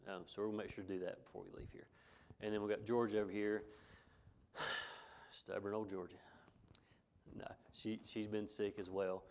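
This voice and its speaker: A man's voice: fairly low pitch, little pitch movement, moderate pace, long pauses. A middle-aged pastor, preaching a folksy sermon to his congregation, repeating himself and chuckling between points.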